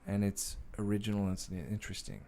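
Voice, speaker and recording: A man, an actor and filmmaker, talking as a podcast guest and telling his stories in a casual, animated way. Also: fairly low pitch, fast, vocal fry. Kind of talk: casual interview storytelling. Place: podcast studio.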